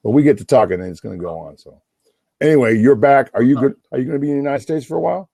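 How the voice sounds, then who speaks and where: A man's voice: mid-range voice, animated, racing, vocal fry, mellow, no room sound. A middle-aged man rambling and swearing in a casual livestream monologue, talking over himself. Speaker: livestream host on a phone call.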